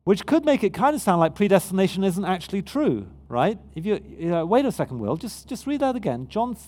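Preacher, male, fairly high voice, chatty but emphatic sermon delivery. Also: big pitch swings, fairly quick, darkish tone. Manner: conversational, emphatic, with frequent restarts.

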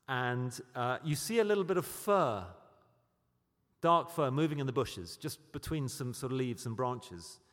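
A man preaching a sermon, moving between loud, emphatic declarations and quiet, storytelling asides. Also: on the high side. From Britain. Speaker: pastor. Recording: long hall reverb.

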